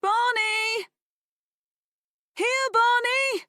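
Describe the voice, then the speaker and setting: A woman voicing a frightened teenage girl who calls out and pleads in a high, loud voice, in an audiobook reading. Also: steady tone, very slow, dry recording, studio quality, heavily acted. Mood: calling out.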